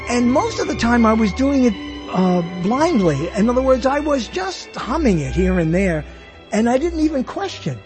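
A man's voice: extremely high pitch, very animated, normal speed, music in the background. A man hosting a talk show in casual chat, rambling and trailing off mid-thought. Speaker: show host.

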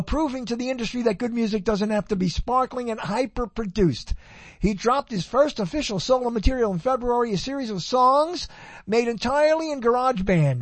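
A male radio host with a high, husky voice talks into a handheld mic. He rambles, breaks off and corrects himself mid-sentence as he reads items aloud. The sound is dry and close. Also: dry recording. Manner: rambling, self-correcting, chatty asides. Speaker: radio talk show host. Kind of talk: casual radio talk, reading news items aloud. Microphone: handheld microphone.

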